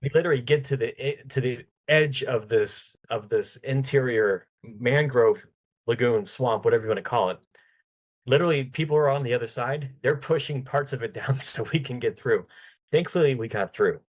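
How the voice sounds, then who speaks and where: A man, a podcast guest, telling a lively anecdote in casual conversation, often restarting his sentences. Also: mid-range voice, moderate pace, dull audio. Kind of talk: casual storytelling in an interview.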